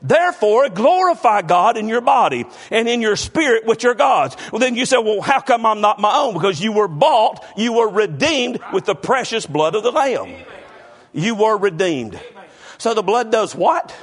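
A man's voice: high-pitched, big pitch swings, normal speed, slightly rough. A man preaching a sermon, fervent and calling out members of the congregation by name. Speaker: pastor.

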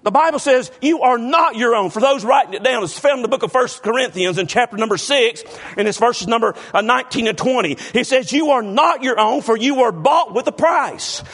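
A man's voice: extremely high pitch, animated, brisk, hardly any pauses, fairly bright tone, breathy edge. A man preaching a sermon, fervent and calling out members of the congregation by name. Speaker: pastor.

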